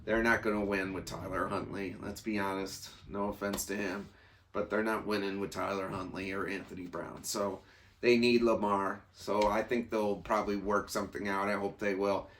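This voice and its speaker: Low-voiced man hosting casual sports talk. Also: flat delivery, normal speed, a bit bright, a little hiss or hum. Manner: rambling, repeats and restarts phrases, opinionated. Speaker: sports talk show host.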